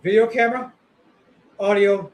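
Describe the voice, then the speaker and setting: A man with a high-pitched voice co-hosts a podcast at normal speed, heard through a low-quality recording. His casual talk is rambling and blunt, full of fillers with an occasional curse.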